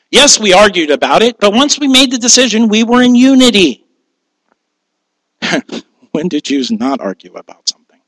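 Man, pastor, high-pitched voice, dry close sound, conversational sermon, rhetorical questions. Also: fairly bright tone, dry recording, rough recording.

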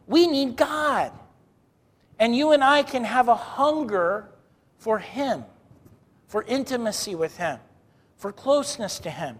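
A man preaching a sermon in an earnest way, drawing out key words slowly. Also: sits high, in a large hall. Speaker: pastor.

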